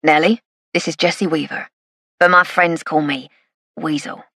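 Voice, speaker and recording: A man's voice: on the high side, fairly even intonation, normal speed, sharp tone, dry recording, studio quality. Woman doing a sly cockney informant man. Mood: cocky. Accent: East End London. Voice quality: cackling laugh, wheedling banter. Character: sly cockney male informant, leering and cocky. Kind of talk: audiobook character voice.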